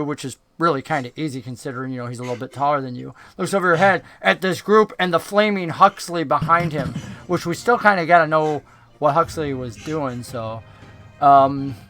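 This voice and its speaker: A man's voice: a little high, normal speed, fairly bright tone. A man narrating as dungeon master in a tabletop game, describing scenes in a casual way with many fillers.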